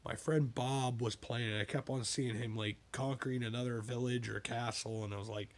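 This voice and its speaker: A man chatting casually about his own books, wandering off into side stories and asides as he goes. His voice sits in an ordinary middle pitch. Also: steady tone, moderate pace. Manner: rambling, with digressions and asides. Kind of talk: casual spoken monologue.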